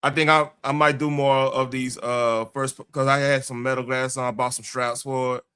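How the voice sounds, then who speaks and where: A man's voice: medium pitch, level tone, moderate pace, sharp tone, clean tone. A man hosting a casual podcast, chatting loosely with slangy phrasing and frequent restarts. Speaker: podcast host. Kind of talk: casual chat.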